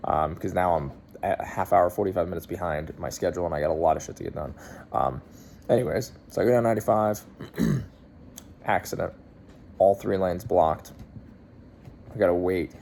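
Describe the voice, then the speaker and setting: A man's voice: low voice, normal speed, gravelly, pauses often, darkish tone, a little hiss or hum. A man in his thirties, a car dealer, telling a long story in a casual, rambling way with lots of fillers and restarts.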